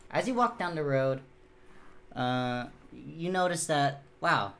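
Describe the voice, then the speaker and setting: A man's voice: a little high, takes it slowly, vocal fry, fairly bright tone. A man narrating as game master of a tabletop game, casual and rambling, with fillers and the odd swear.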